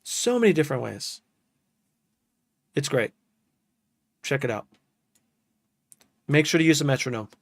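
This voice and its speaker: A man's voice: on the high side, very animated, unhurried, pauses often, no echo, studio quality. A man casually chatting to his live-stream chat as a music producer, loose and enthusiastic, dropping "dude" and "bro" often.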